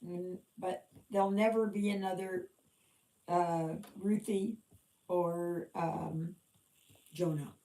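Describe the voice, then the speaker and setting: A livestream host with a lowish, warm voice speaks slowly and steadily, pausing often. She stitches while chatting casually and mumbling half to herself, captured on a livestream mic in an echoey room.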